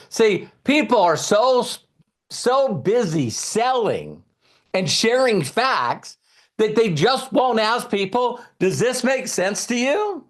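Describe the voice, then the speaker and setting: A man's voice: high-pitched, takes it slowly. A middle-aged man giving a motivational seminar talk on network marketing, emphatic, acting out quoted conversations, and often turning to the audience with questions. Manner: animated, emphatic, acts out quoted dialogue; addresses the audience directly with repeated questions.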